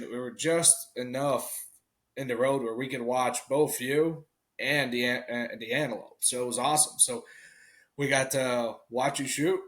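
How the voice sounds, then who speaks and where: Brief: male podcast guest, mid-pitched, easygoing recollection. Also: a bit bright. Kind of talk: casual conversation.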